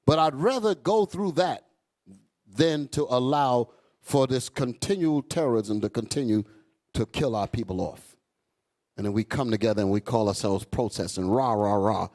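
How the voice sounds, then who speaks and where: An American man preaches with fire and profanity at a moderate pace, addressing his congregation directly as he goes. Loud and energetic, his voice climbs and dips, and he asks the room "y'all all right?"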